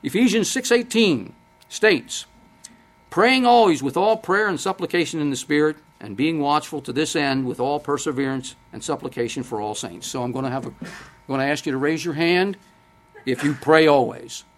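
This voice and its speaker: A man's voice: on the high side, moderate pace. An older man preaching a sermon, speaking conversationally, quoting scripture and putting questions to the congregation.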